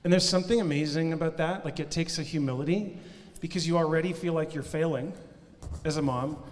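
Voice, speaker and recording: A man's voice: on the high side, fairly quick. A middle-aged man, a pastor, making emphatic points in a conversational sermon, checking in with "right?". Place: church auditorium. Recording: long church hall reverb, faint noise.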